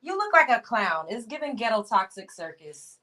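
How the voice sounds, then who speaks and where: A woman with a fairly high, highly animated voice co-hosts a casual gossip show. She talks bluntly and mockingly, her pitch leaping around as she roasts people. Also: moderate pace. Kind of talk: casual chat.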